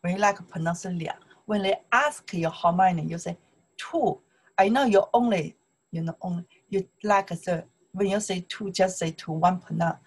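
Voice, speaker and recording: A woman's voice: lowish voice, normal speed, husky, low-quality recording. A woman with a Chinese accent teaching her native language in English, saying "okay" again and again as she explains. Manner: repeats okay often, non-native English grammar. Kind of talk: casual online language lesson.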